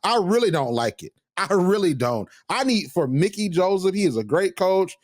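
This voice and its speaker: A man with a high, lively voice co-hosts a sports talk show, full of opinions and quick restarts. His voice is recorded close and dry, with no room sound. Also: no echo. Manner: animated, opinionated, frequent restarts. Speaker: co-host.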